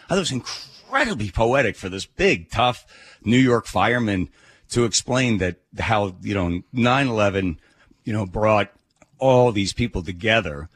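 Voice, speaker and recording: A man on a phone call, telling a story in a casual radio chat, expressive and animated. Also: lowish voice, moderate pace, husky, dry recording. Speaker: radio host calling in. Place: bar, on the phone.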